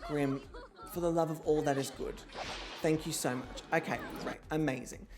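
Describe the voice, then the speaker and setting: A woman's voice: sits low, steady tone, normal speed. A young woman streaming a life-sim game, chatting, swearing and laughing as she plays. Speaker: streamer hosting an interactive show. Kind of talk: casual game-stream commentary.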